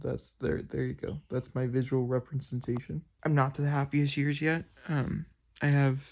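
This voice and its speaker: Gravelly young man, rambling book vlog. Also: medium pitch, flat delivery, normal speed, darkish tone, muffled recording. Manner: emotional, rambling, swears freely. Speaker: book vlogger. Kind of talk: casual reading vlog. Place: bedroom at night.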